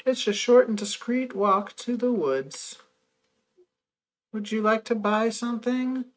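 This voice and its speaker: A woman voicing a shy, gentle shadow creature who speaks slowly and earnestly. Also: fairly high pitch, steady tone, voice pushed up.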